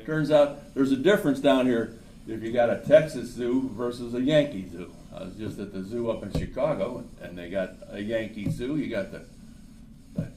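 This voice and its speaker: A man speaking at an insurance seminar, telling folksy jokes and then explaining products in a brisk sales manner. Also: mid-range voice, darkish tone, a little hiss or hum. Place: seminar room at a breakfast event. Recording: roomy hall from far off, faint ambience.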